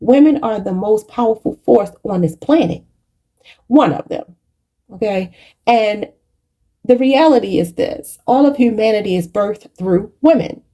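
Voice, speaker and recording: A woman's voice: medium pitch, animated, unhurried, dark tone. A woman giving a channeled tarot reading in a preachy, spiritual way, often calling her viewers "y'all". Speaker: tarot reader.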